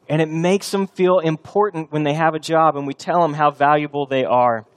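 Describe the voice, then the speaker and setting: Pastor, male, thirties, slightly high voice, conversational sermon delivery. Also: steady tone, moderate pace, hardly any pauses, smooth. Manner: storytelling, conversational with the congregation.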